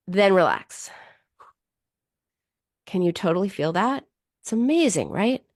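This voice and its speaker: A woman hosting an advice radio show, answering listener questions in an animated, chatty way with fillers and restarts. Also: medium pitch, dry recording, clean studio sound. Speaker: radio show host and psychologist.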